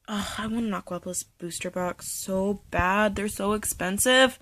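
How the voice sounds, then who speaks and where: A young woman chatting casually about her collection, nostalgic and rambling, sometimes dropping to a soft whisper. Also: mid-range voice, a little slow, gravelly, few pauses, slight background noise. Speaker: vlogger showing a card collection. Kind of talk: casual chat. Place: bedroom.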